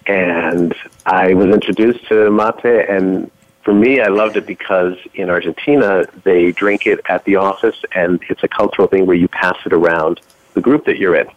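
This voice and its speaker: A man guests on a radio show and tells a story in a relaxed way, pausing often on "uh" and "um". His voice is on the low side. The line sounds dull and lo-fi, and it is dry. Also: dry recording. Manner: relaxed, hesitant, full of fillers. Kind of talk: casual storytelling on a radio call.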